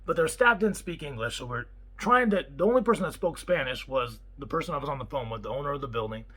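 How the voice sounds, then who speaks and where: A man, a property manager, telling a story in a casual vlog and acting out the quotes in an excitable way. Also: on the high side, fast, slightly rough, rough recording. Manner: animated, excitable retelling with acted-out quotes.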